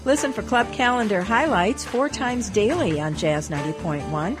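A woman's voice: medium pitch, moderate pace, over music. Woman reading radio station announcements. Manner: even, clear reading of listings. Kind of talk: scripted announcements. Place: radio studio.

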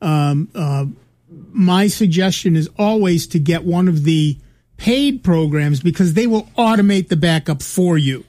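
A man's voice: on the high side, unhurried, mellow. Chatty tech-show host, man. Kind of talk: casual chat.

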